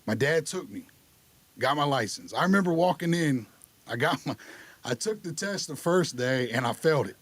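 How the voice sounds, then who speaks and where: Speaking at a normal pace in a slightly high voice, a man tells a podcast about his recovery, candid and casual as he acts out conversations in a lively retelling. There's no room sound.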